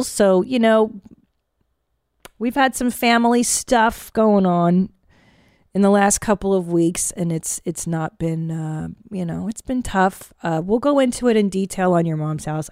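A woman's voice: mid-range voice, mellow, no echo. A woman stand-up comedian hosting a podcast in a studio booth, chatting casually in a frank, profane, rambling way.

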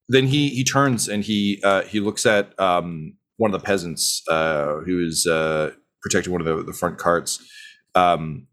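A young man narrating a tabletop game as game master, halting with many ums and uhs. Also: sits low, fairly bright tone.

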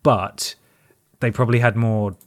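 A man's voice: fairly low pitch, steady tone, unhurried. A man co-hosting a casual podcast, making wry remarks and chuckling often. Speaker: podcast co-host.

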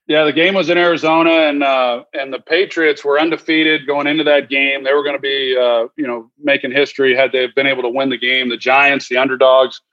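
A man's voice: mid-range voice, flat delivery, fairly quick, hardly any pauses, pushed and bright, dull audio. A man in his fifties, a guest on a podcast, telling a story in a reflective, candid way with many restarts and repeated words. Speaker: guest, former quarterback and broadcaster. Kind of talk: relaxed interview storytelling.

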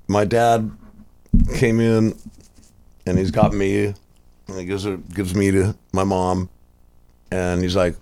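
A man's voice: fairly low pitch, little pitch movement, slow, long pauses, dark tone. A man guesting on a podcast, laid-back and swearing as he tells a story. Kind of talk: casual chat.

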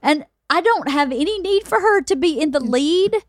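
Chatty high-voiced woman telling stories. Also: lively intonation, moderate pace, no echo, studio quality. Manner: chatty storyteller, laughs often. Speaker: podcast host. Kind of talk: casual chat.

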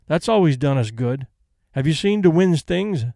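This is a brisk old lady in a storybook reading who meets grief with practical plans, voiced by a male narrator. Her voice sits a little high, and she talks crisply and decisively. The sound is dry and close. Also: expressive, dark tone, no echo. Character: older woman, brisk, stoic, practical invalid.

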